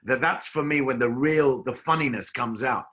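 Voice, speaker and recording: A man's voice: mid-range voice, moderate pace, fairly bright tone. Theatrical male host on a video call. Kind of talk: casual interview on a video call. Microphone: video call microphone.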